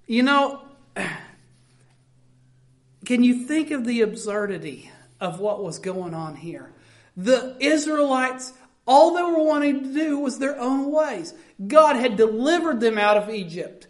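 A woman's voice: on the high side, lively intonation, takes it slowly, a bit bright. A middle-aged woman preacher delivering a sermon, reading scripture aloud and then explaining it in plain, earnest talk.

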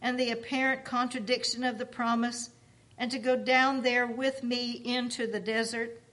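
A woman reading aloud, voicing a gentle, patient male shepherd who speaks quietly. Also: a little high, little pitch movement, moderate pace, lightly acted.

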